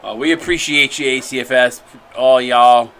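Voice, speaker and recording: A man's voice: medium pitch, fairly even intonation, moderate pace, a bit bright. A man hosting a live stream, calling a simulated basketball game and chatting casually with a co-host and viewers, rambling and restarting his sentences. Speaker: play-by-play caster and stream host.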